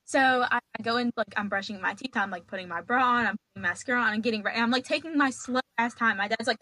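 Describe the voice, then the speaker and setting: A woman's voice: fairly high pitch, quick pace, few pauses, bright, forceful tone, dry recording. A young woman telling stories as a podcast guest, chatty and dramatic, laughing as she goes. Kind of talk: casual storytelling.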